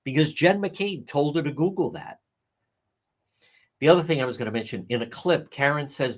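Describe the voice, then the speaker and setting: A man's voice: on the high side, very animated, normal speed. A man giving blunt, profane, sarcastic live commentary on a livestream, mocking people by acting out what they said. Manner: sarcastic and mocking, acts out others' quotes. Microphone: livestream microphone.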